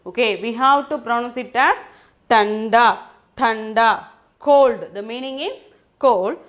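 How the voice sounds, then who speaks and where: A woman's voice: fairly high pitch, takes it slowly. A woman teaching a language class, patiently repeating each point and often checking whether students understand. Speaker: Hindi teacher. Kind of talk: online language lesson.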